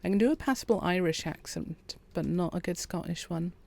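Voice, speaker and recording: A woman, quietly commentating a farming game and chatting with her viewers. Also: lowish voice, fairly quick, gravelly. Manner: quiet, relaxed, chats with viewers. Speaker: streamer. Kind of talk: calm gameplay commentary.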